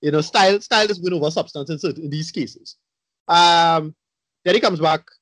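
A man's voice: on the high side, moderate pace, a bit bright, no room sound. A man in casual podcast chat reviewing a movie, blunt, rambling and profane.

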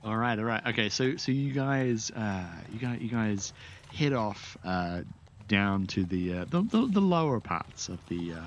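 A man serving as game master, narrating a tabletop game in a meandering, descriptive, halting way. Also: on the low side, expressive, highs cut off, slight background noise.

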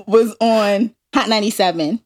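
A woman's voice: mid-range voice, a little slow, slight background noise. A woman from Harlem with a thick New York accent, co-hosting a podcast and ranting emphatically in casual chat. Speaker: podcast co-host.

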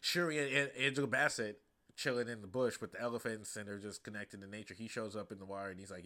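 A man hosting a podcast, giving a casual, comedic movie recap in a profane, slangy, animated way. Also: fairly low pitch, fast talker. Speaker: podcast host.

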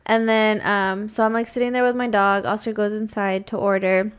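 A woman's voice: mid-range voice, flat delivery, moderate pace, clear, resonant tone. A woman co-hosting a podcast, telling a story in casual chat, full of ums and likes. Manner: many fillers, um and like. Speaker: podcast co-host.

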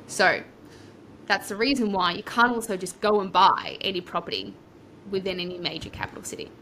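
An Australian woman talks as a podcast guest with a bright, forceful tone. She rambles cheerfully through her story and voices her own past thoughts aloud. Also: mid-range voice, expressive, brisk, a little hiss or hum. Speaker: podcast guest, property coach. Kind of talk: casual storytelling interview.

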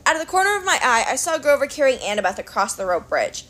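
A woman narrating an adventure story in an expressive, dramatic reading. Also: high voice, fast talker. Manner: animated, dramatic. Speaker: audiobook narrator.

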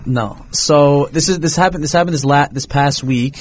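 Young new guy spinning a story with friends, voice a bit high, jumps around a lot. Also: faint music behind. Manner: animated storyteller, slangy, rushes when excited. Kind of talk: casual chat.

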